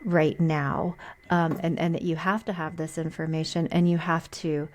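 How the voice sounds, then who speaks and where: A woman's voice: low-pitched, fairly even intonation, moderate pace, a little mellow. A woman hosting a podcast, affirming her guest in a casual conversation. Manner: affirming listener. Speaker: podcast host.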